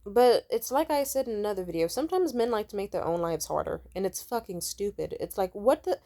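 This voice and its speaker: A woman's voice: medium pitch, animated, brisk, warm tone. A woman vlogger telling a casual storytime rant, emphatic and rambling, full of swearing.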